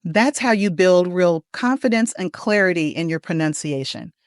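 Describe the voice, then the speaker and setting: Low-voiced woman teaching English pronunciation. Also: animated, dry recording, studio quality. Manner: slow, deliberate modeling of words. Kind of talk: pronunciation lesson.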